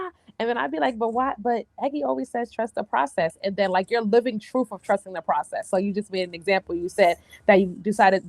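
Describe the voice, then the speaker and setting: A woman host with a close, dry sound talks in an effusive, lively way. She often jumps into quick, excited retellings as she chats. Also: mid-range voice, no room sound. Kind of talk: casual talk show chat.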